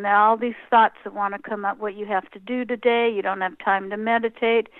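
A woman interviewed as a guest, gently and slowly talking a listener through a breathing meditation. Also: fairly high pitch, no echo. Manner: gentle, slow guidance with soft pauses. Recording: tinny phone-like line, dry.

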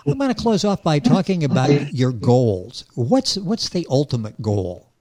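A man's voice: a little high, sing-song, measured pace, a little mellow. A man hosting an interview, enthusiastic and repeating words as he restarts his questions. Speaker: interview host.

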